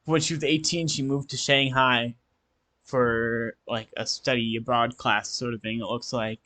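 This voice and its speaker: A man's voice: medium pitch, fairly even intonation, measured pace, bright, forceful tone, no echo. A man co-hosting a podcast in casual chat, reading out contestant bios in an easygoing way and chuckling a lot. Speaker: podcast co-host.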